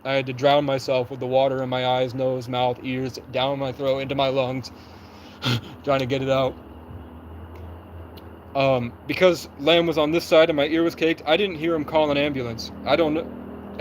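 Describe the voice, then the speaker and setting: A young man on a livestream, recounting events in an agitated, rapid way and acting out what people said. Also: mid-range voice, little pitch movement, a little hiss or hum, low-quality recording. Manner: agitated, rapid storytelling with reenacted quotes. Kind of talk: livestream monologue.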